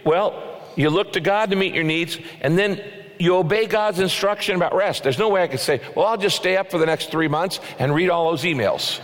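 A pastor preaching a sermon in an earnest, emphatic way, asking rhetorical questions. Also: male voice, sits high, fairly quick, long reverb tail.

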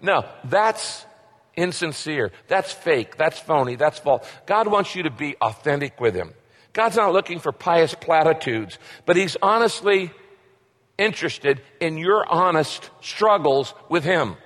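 A man's voice: on the high side, animated, a little slow, fairly bright tone. A middle-aged man preaching a sermon as a pastor, emphatic and repetitive, asking rhetorical questions. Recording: long hall reverb.

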